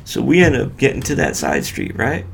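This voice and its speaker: A man's voice: mid-range voice, wildly swooping pitch, normal speed, vocal fry, a little hiss or hum. A male podcast host casually telling a profane road-rage story in loose street slang.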